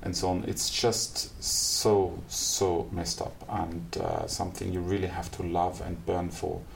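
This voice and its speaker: Deep gravelly German man, reflective. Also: flat delivery, a little slow. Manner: thoughtful, searching for words with small restarts. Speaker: classical singer, guest. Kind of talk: reflective interview conversation. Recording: faint background noise.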